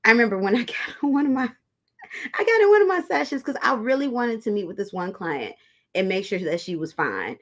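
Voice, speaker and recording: A woman's voice: on the high side, big pitch swings, fairly quick, a bit bright. A woman hosting a tarot livestream, chatting casually with her viewers and calling them y'all. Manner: chatty, talks straight to viewers as y'all, reads comments aloud.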